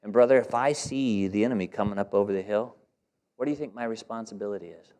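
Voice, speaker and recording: A man's voice: on the low side, fast, a little mellow. A man preaching a sermon, emphatic and conversational, putting direct questions to his congregation. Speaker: pastor.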